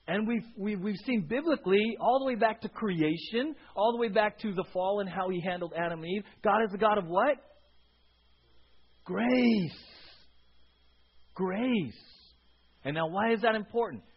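A man's voice: high voice, slightly rough. A man preaching a sermon to a church congregation, asking rhetorical questions and often repeating words as he restarts. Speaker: pastor. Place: church service. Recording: dull lo-fi recording.

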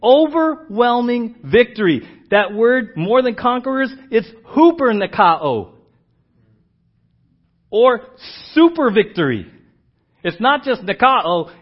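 A man preaching a sermon in a fairly high voice, moving from a casual story into emphatic teaching. The sound is dull and lo-fi. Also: big pitch swings, takes it slowly. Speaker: pastor.

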